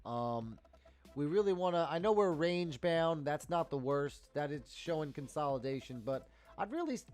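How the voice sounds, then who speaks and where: A man ranting and cursing on a trading live stream, swinging between loud outbursts and muttered asides. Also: fairly high pitch, animated, normal speed. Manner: profane, heated, swings loud and quiet. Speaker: live-stream day trader.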